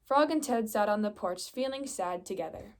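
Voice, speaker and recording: A young woman reads a children's picture book aloud. Her mid-pitched voice is steady and gentle as she carries the story along. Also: normal speed. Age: young adult. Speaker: reader.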